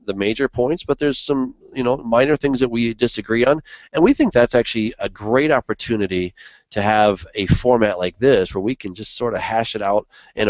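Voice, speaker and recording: A man's voice: mid-range voice, a little mellow, no echo. A man co-hosting a Bible study show in casual discussion, talking earnestly with lots of "you know" fillers. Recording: dull lo-fi dry recording.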